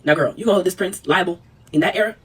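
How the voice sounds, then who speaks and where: A young woman rattles through a drama recap at speed, chatty and animated, full of slangy asides. Her voice is husky. It sounds a little distant from the mic. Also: on the low side, very fast. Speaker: vlogger. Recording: voice a bit far from mic.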